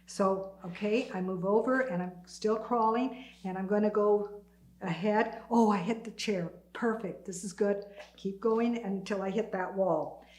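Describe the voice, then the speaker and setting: A woman's voice: mid-range voice, measured pace, a little mellow. Older woman telling a dramatic story, echoey room. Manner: vivid, dramatic retelling that acts out her own thoughts and the dialogue. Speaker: community storyteller. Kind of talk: personal storytelling to an audience.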